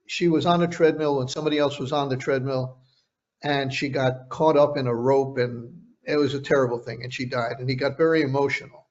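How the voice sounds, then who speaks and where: An older man, a veteran journalist, recounting a story in a casual interview, often restarting his phrases. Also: medium pitch. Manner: conversational, repeats words when restarting. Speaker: retired journalist guest. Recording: dull lo-fi sound.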